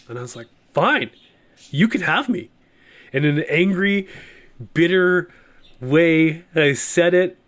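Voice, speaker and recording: Earnest man telling his faith story. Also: medium pitch. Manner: earnest, halting storytelling with many restarts and fillers. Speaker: podcast guest. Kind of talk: personal testimony in an interview.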